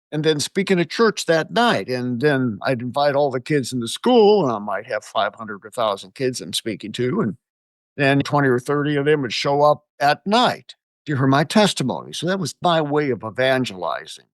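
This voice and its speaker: Older American man, animated storyteller, lively pitch, dry close sound. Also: no echo. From United States. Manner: animated storyteller, chuckles often. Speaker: guest, exorcist. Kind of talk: storytelling interview answers.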